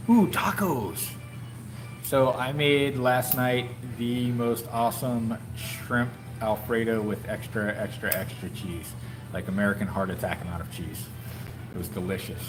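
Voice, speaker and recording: A man's voice: on the low side, level tone, measured pace, music in the background, low-quality recording. A man hosting a live stream from inside a bike shop, chatting playfully and laughing often. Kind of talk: casual live-stream chat.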